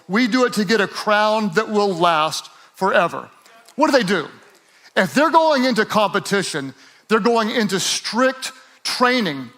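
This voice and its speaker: A high-pitched male pastor delivers a sermon that shifts from easygoing jokes to rising, emphatic exhortation. He has listeners repeat lines back to him aloud.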